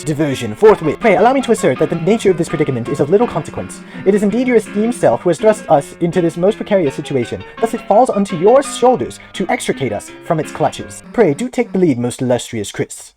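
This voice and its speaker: A man voicing a gruff, bossy, short-tempered teenage monster girl, reading stiff, flowery lines aloud. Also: fairly high pitch, very animated, fast talker, hardly any pauses, warm tone, soft background music, pitched above the performer's own voice.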